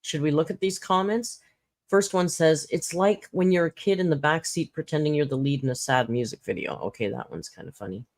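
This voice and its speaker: A woman's voice: sits low, a little fast, a little mellow, no echo, clean studio sound. A woman hosting a casual livestream, chatting, laughing often and reading out viewer comments. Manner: chatty, laughs often, reads chat aloud. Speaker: livestream host.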